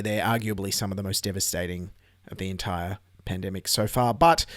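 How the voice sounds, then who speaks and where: An Australian man hosts a comedy news show, his pitch swinging widely as he jokes and mocks. The sound is dry and close, with no room around it. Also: dry recording. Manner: sarcastic, mocking asides. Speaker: podcast host.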